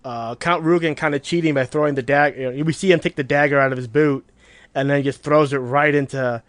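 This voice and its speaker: A man's voice: fairly high pitch, brisk, dry recording. A man co-hosting a podcast in casual chat, acting out movie quotes with energy. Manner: animated, acts out movie quotes. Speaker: podcast co-host.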